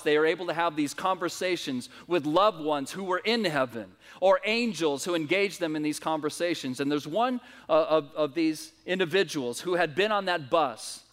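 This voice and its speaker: A man's voice: on the high side, fairly bright tone. A man preaching a sermon at a church service, telling a story earnestly with frequent restarts. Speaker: pastor. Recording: reverberant church hall.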